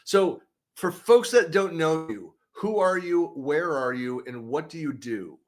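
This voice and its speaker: A man's voice: a little high, unhurried. A man hosting an interview over a video call, chatty and upbeat with lots of casual fillers. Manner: chatty, upbeat, many fillers like "you know". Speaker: interview host.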